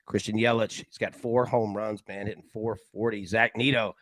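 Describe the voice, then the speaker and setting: A man hosting a live sports betting show, talking in a casual, excitable way full of slang and stammered restarts. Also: on the low side, normal speed, no echo, rough recording.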